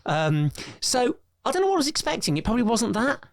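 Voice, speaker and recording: A businessman telling family anecdotes in a relaxed, self-deprecating way as a podcast guest. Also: very high voice, fast, vocal fry. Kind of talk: conversational storytelling.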